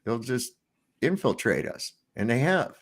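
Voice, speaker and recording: A man talks in a loose, rambling way, swearing freely as he goes. His voice sits at an ordinary middle pitch. It sounds like an easygoing chat among friends. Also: very animated, unhurried. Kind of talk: casual chat, joke telling.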